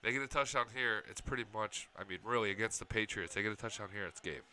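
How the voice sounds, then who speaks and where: A young man reacting to game highlights as an excitable fan, swearing freely and yelling at the big moments. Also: fast. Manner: excitable, profane, shouts at big plays. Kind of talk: casual fan reaction commentary.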